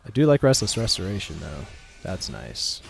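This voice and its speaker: A man's voice: sits low, wildly swooping pitch, normal speed, soft background music. A man thinking aloud and muttering casual commentary while he plays a video game, swearing at setbacks. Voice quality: gravelly. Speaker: gameplay streamer.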